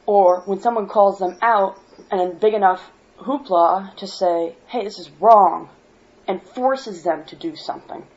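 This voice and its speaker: A woman from Michigan speaks straight to camera in an impassioned monologue, blunt and quick to swear. Her voice sits at an ordinary middle pitch for a woman. The recording is dull and lo-fi, like a cheap home setup. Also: darkish tone. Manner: worked up, blunt, swears freely. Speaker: vlogger.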